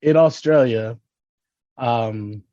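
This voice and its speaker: A man from Texas with a warm, mellow voice telling laid-back, rambling stories and laughing at his own jokes. The sound is close and dry, on a slightly dull, lo-fi recording. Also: mid-range voice, very slow, no room sound. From Dallas, Texas. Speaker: guest. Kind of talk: casual storytelling chat. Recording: slightly dull, lo-fi podcast audio.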